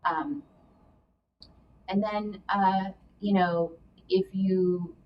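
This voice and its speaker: A woman's voice: medium pitch, steady tone, drawn-out words, dull audio. A woman giving casual career and money advice in a chatty, explanatory way, adding hedging asides. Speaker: career coach guest. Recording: distant mic with faint background noise.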